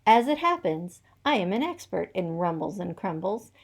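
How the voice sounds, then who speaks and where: A woman voicing a sly, conniving male weasel who talks in a smooth, coaxing way in a read-aloud storybook. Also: fairly low pitch, sing-song, normal speed, heavily acted.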